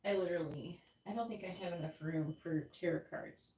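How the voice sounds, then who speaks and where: A woman's voice: on the low side, fairly quick, mellow, slight background noise. A woman from New York hosting a livestream as a tarot reader, chatting casually and rambling, often laughing. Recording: roomy sound, distant from the mic.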